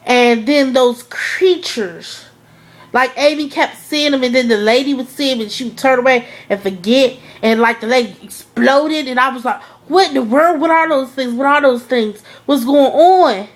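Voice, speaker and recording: A woman's voice: high voice, moderate pace. A young woman chatting casually about a TV episode, gushing and filling her talk with "like" and "oh my goodness". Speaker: vlogger reviewing a TV episode. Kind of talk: casual excited chat.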